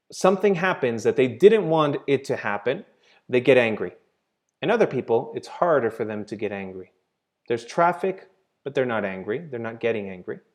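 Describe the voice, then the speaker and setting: A man teaching English grammar, explaining slowly and checking in with "right?" and "okay?" as he goes. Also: medium pitch. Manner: patient, repeats points with "right?" and "okay?".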